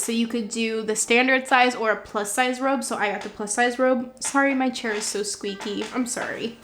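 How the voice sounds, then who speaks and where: A woman's voice: a little high, a little hiss or hum. Gushing young woman in an echoey room. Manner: gushing, excitable, laughs often, says "oh my God" a lot. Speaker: vlogger unboxing a subscription box. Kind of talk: casual unboxing chat. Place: home room, seated on a chair.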